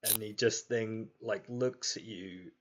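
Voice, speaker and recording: A man's voice: on the low side, fairly even intonation, takes it slowly. A man running a tabletop game, narrating in a loose way with plenty of fillers. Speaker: game master.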